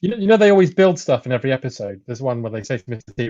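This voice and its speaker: A man's voice: mid-range voice, big pitch swings, racing, dark tone, dry recording. A man co-hosting a casual comedy chat, rambling through dry jokes and reading out listener messages. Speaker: podcast co-host. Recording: slightly dull, lo-fi sound.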